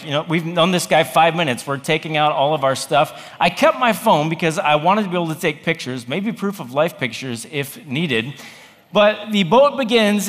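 A man's voice: fairly high pitch, fairly bright tone. A man, a campus pastor, telling a funny story in a sermon with wry, self-deprecating humor. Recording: long hall reverb.

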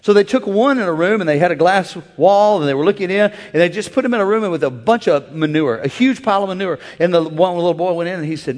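Pastor, male, high voice, call-and-response sermon, rising to shouts, big echoing church hall. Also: expressive, fast talker. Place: large church auditorium. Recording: long hall reverb.

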